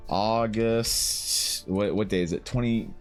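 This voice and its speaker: A young man chatting casually on a live art stream, animated and swearing as he banters with viewers, his voice slightly rough. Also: on the low side, a little slow, soft background music.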